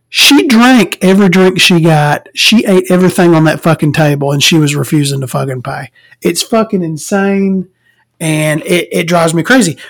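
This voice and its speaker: Profane podcast host. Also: mid-range voice. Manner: profane, rambling, frequent fillers. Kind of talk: casual ranting monologue.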